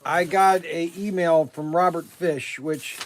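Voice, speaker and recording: A man's voice: on the high side, fairly even intonation, takes it slowly, a crowd in the background. A man with a slightly raised voice reads a viewer's email aloud on a livestream. He explains each point at length, with a dry, teasing edge. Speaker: livestream co-host. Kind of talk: casual chat, reading an email aloud.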